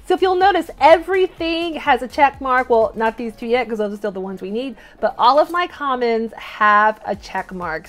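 A young woman with a bright, high voice talks through a toy unboxing in a bubbly, gushing way. Faint music plays softly behind her. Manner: bubbly, gushing, bursts into squeals and cheers. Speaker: toy unboxing channel host. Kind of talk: excited unboxing vlog.

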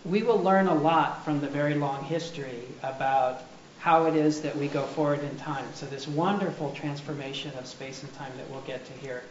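A man hosts a lecture and introduces the speaker, pausing often with hesitant fillers. His voice is fairly high, heard in an echoey room through a muffled recording with faint noise. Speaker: lecture series host.

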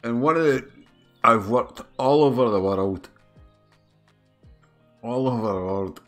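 This middle-aged Scotsman talks slowly in a mid-range voice while he streams a game, chatting casually with live viewers. He tells a story, laughing, cursing, and restarting as he goes, over faint background music.

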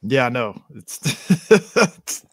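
A man co-hosting a casual movie podcast, relaxed, repeating himself and laughing often. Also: medium pitch, very slow, breathy edge, no echo, studio quality. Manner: laid-back, laughs often, repeats words. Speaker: podcast co-host.

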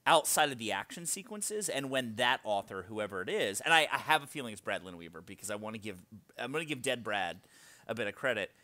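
A man co-hosts a casual book discussion podcast, trading jokes and quick asides. His voice swings widely in pitch and carries a bright edge. The recording is dry and close. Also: no echo. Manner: animated, joking, quick asides. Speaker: podcast co-host.

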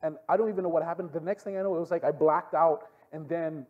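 A man's voice: fairly high pitch, fast talker, narrow, tinny audio. A man with a Hawaiian Pidgin-tinged accent teaching a youth group, telling stories animatedly and checking in with "okay?". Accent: Hawaiian Pidgin-tinged English. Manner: animated storytelling, frequent "okay?" asides to the room. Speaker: youth pastor.

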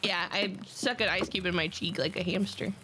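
A woman's voice: fairly low pitch, normal speed, over a noisy crowd. A woman chatting casually and telling stories with her squad during an online game. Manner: chatty, storytelling, laughs often. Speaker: squad player.

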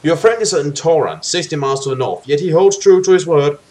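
Animated man reading a gamebook aloud. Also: on the high side, a little fast. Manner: animated, expressive reading with joking asides. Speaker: let's play host.

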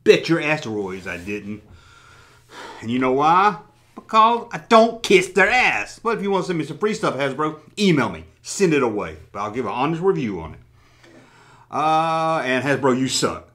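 Guy on his channel, joking and sarcastic, pitch jumping all over. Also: sing-song, moderate pace, a bit bright. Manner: sarcastic, joking, swears freely. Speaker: toy collecting YouTuber. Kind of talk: casual vlog, reading comments.

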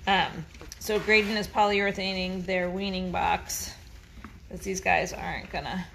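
A woman's voice: lowish voice, fairly even intonation, unhurried, vocal fry, a bit bright, a little hiss or hum. Chatty woman cooing at puppies. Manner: coos at dogs in a singsong voice; chatty, laughing easily. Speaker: farm vlogger. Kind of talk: casual talk to dogs and camera.

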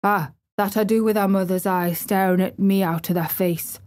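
A woman voicing a tactless old man, a gardener, speaking in a hoarse, shaky voice for a storybook. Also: medium pitch, fairly even intonation, normal speed, darkish tone, lightly acted. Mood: stunned.

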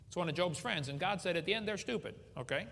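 A man's voice: sits high, quick pace, fairly bright tone, a little hiss or hum. A middle-aged man preaching with folksy humor at a seminar, joking and asking the audience questions. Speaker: creationist speaker. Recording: hall reverb with faint ambience.

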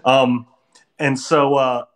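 Guy rambling thru a funny story, mid-pitched, roomy echo all around him. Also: flat delivery, takes it slowly. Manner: chatty, rambling anecdotes with restarts and quoted voices. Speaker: artist telling stories on a Q&A stream. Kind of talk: casual storytelling. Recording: echoey room.

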